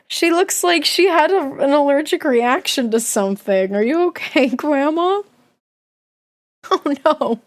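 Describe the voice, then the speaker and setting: A young woman streamer reading a children's diary book aloud and stopping to giggle and chat about it. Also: fairly high pitch. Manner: giggly, chatty, breaks off the reading to react.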